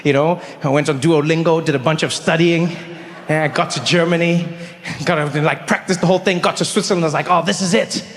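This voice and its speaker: A man telling a stand-up story on stage into a handheld mic, animated and quick to slip into character voices. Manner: animated, jumps into high-pitched character voices. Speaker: stand-up comedian.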